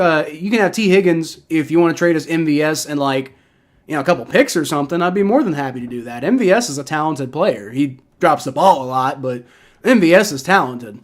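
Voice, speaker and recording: A young man hosting a football reaction livestream speaks briskly, his voice a little high with lively intonation. He rants heatedly and profanely, repeating phrases and starting over again and again.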